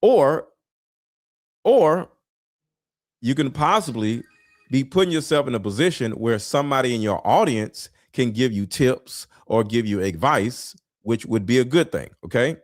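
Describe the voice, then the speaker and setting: A man giving blunt, preachy reaction commentary, swearing and sometimes shouting. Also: mid-range voice, lively intonation, measured pace, no echo, clean studio sound. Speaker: commentary vlogger reacting to clips.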